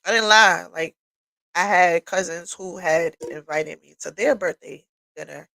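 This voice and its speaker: A woman sharing a personal story on a livestream, candid and blunt, tearful and sniffling. Her voice has a gravelly edge, and the sound is dry and close. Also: fairly low pitch, a little slow, bright, forceful tone, dry recording, rough recording. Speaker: livestream host. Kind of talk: personal testimony talk. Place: home workshop.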